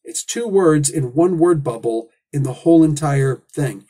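A man's voice: on the high side, expressive, a little slow, mellow, breathy edge. A man hosting a comic book review, talking in a casual, opinionated monologue full of rhetorical questions and asides.

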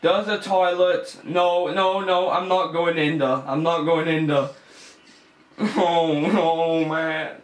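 Scared young man, slow nervous gamer. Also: on the high side, fairly even intonation, echoey room. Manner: nervous, swearing, laughing, scared. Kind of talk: let's play commentary.

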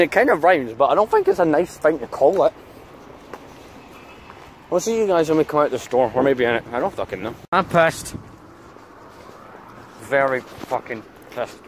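A man talks casually to the camera out in town, his slightly high voice swinging up and down as he vents. He swears constantly. Faint street noise sits behind him. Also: animated, brisk. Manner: angry swearing rant. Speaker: vlogger. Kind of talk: casual vlog chat.

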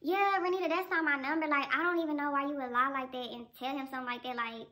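A woman mimicking a young woman who sugarily and defensively denies everything in a high whine. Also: steady tone, sharp tone. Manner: sugary, defensive, fast whining.

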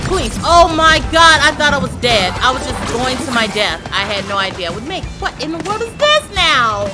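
A woman streaming a platform game, exasperated and often shouting at her failures. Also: a little high, very animated, moderate pace. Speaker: gameplay streamer. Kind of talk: let's play commentary. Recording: loud game music behind. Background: game music.

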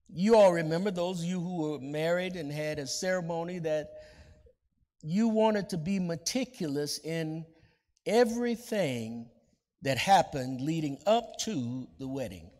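A male pastor preaching a sermon with a deliberate cadence, drawing out the words he stresses. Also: high-pitched, big-room sound.

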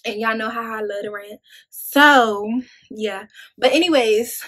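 Woman in her twenties, chatty and rambling, fairly high voice, casual vlog talk. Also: unhurried, a bit bright, low-quality recording. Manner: chatty, rambling, addresses viewers as y'all. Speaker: vlogger.

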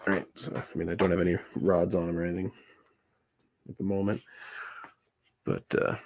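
A man's voice: deep voice, little pitch movement, brisk, gravelly, a little mellow. A man chatting casually on a live stream, thinking aloud with restarts and greeting viewers while showing a puppet build.

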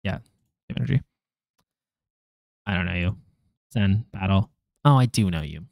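A man's voice: low-pitched, animated, normal speed, gravelly, darkish tone, no room sound, studio quality. A man streaming his language study, chatting casually, joking and rambling, laughing often and trailing off with fillers. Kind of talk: casual live-stream chat.

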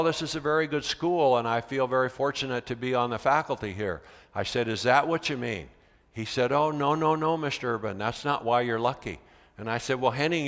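A man from the United States, a veteran teacher giving a conference talk, telling a classroom story and acting out the dialogue. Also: medium pitch. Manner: animated storyteller, acts out quoted dialogue. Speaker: keynote speaker, veteran teacher. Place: large convention center hall. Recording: long reverb of a large hall.

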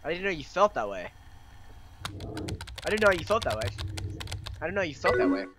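Lively young man over clacking keys. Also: a little high, fairly quick, very noisy. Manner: playful, swearing, mock-dramatic reactions. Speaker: let's play gamer. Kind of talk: gameplay commentary reading chat aloud. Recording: loud keyboard typing behind voice.

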